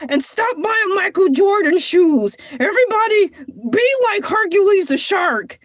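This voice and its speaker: A woman voicing a boastful male cartoon shark who hosts a comedy show, squeaky and sing-song with frequent sighs. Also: animated, unhurried, no room sound, clean studio sound. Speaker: show host. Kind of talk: comedy character monologue.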